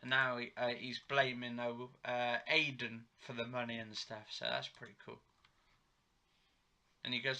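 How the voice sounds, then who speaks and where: A man's voice: mid-range voice, flat delivery, a little slow, bright, forceful tone. A man recapping a soap opera episode as he watches, rambling through the plot and retelling each line of dialogue. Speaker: TV episode reviewer. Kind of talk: live play-by-play recap while watching.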